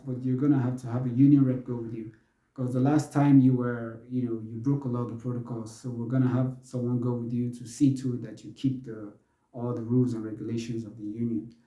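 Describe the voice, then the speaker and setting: A man's voice: medium pitch, mellow, echoey room, muffled recording. A young man giving a casual spoken movie review, rambling with many fillers and restarts.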